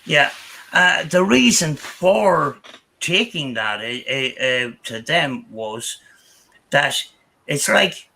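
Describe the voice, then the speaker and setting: Bright-voiced man rambling through a story. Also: on the high side, animated, takes it slowly, vocal fry, rough recording. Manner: rambling, many restarts and "I says". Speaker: podcast host. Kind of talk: casual storytelling chat.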